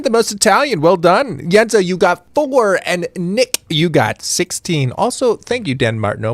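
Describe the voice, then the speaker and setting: Man, game show host, very animated pitch, dry close sound, playful. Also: dry recording. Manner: playful, laughing, hesitant fillers. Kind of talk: casual streamed game show.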